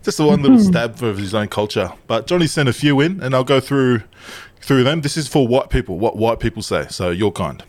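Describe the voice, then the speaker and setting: A man's voice: medium pitch, lively intonation, brisk, a little mellow. Chuckling man reading lists on a podcast. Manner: reads listener lists, chuckling often. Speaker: podcast co-host. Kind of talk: casual podcast banter.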